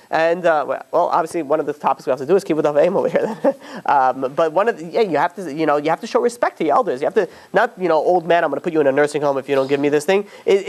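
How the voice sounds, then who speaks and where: Fast-talking, exasperated man on a panel. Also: fairly high pitch. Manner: animated, rambling, with many restarts and exasperated asides. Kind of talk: casual religious panel discussion.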